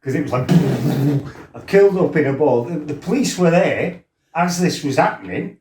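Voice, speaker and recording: A man's voice: fairly high pitch, lively intonation, normal speed, darkish tone, roomy sound. Laughing man telling fight stories. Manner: laughing, swearing, acting out quotes. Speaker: former fighter telling his life story. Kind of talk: casual storytelling.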